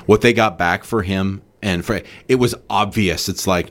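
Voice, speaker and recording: A man's voice: low-pitched, normal speed, a bit bright. A man co-hosting a casual sports talk show, often chiming in with short agreements and turning emphatic when riled. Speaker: sports podcast co-host.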